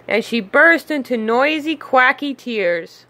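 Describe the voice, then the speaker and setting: A woman reads a children's storybook aloud, expressive and unhurried. Her voice is bright and a little high, and she takes her time over every line. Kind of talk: read-aloud storybook narration.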